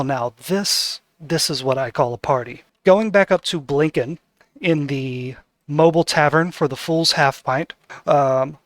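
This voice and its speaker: Man, game master, fairly high voice, dry close sound, descriptive tabletop narration. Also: a bit bright, dry recording. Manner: descriptive, scene-setting narration with fillers.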